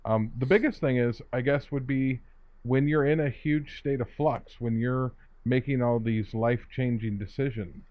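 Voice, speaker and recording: A man in a casual discussion, talking in a reflective, measured way and often restarting his phrases. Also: mid-range voice, fairly even intonation, no echo. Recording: dull dry lo-fi sound.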